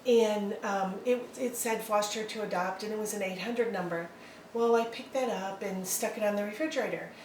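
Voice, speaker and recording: A woman's voice: medium pitch, moderate pace, darkish tone, distant mic, a little hiss or hum. Hesitant, rambling woman in an echoey room. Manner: rambling, hesitant, many ums and likes, laughs often. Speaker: adoptive mother, interview guest. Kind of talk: casual interview. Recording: roomy echo, from off-mic, faint ambience.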